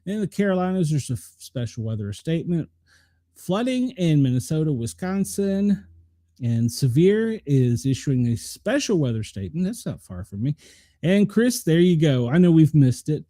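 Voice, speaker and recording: Chatty man with a dark voice. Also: fairly high pitch, very animated, normal speed, no echo, clean studio sound. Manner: chatty, rambling, talks to viewers by name. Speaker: show host reading the weather. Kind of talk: casual live-stream weather rundown.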